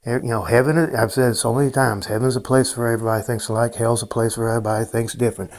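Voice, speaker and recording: A man's voice: mid-range voice, flat delivery, racing, darkish tone. A middle-aged man talking to his camera, rambling and swearing in a frustrated, casual monologue full of "you know" and "man". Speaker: vlogger.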